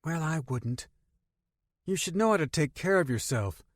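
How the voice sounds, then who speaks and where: A man voicing an earnest, worried teenage girl in an audiobook, speaking softly and sincerely in a raised pitch. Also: lively intonation, normal speed, dry recording. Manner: earnest, soft-spoken. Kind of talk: audiobook character voice.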